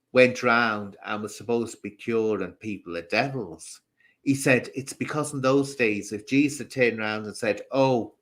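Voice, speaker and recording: A man's voice: medium pitch, a bit bright. A man with a Scouse accent mixed with Southern Irish, hosting a casual live stream, rambling and answering comments from viewers.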